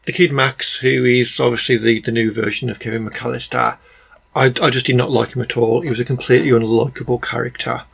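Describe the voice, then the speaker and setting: A man with a broad Black Country accent and a gravelly, creaky voice at a middling pitch. He talks bluntly and casually, piling up ums and exasperated asides as he rambles through a film review.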